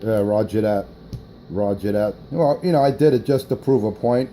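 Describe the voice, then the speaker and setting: Dark-voiced boastful man on the radio. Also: on the low side, normal speed, faint music behind, low-quality recording. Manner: boastful, rambling with many fillers. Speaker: CB radio operator. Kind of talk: radio chatter.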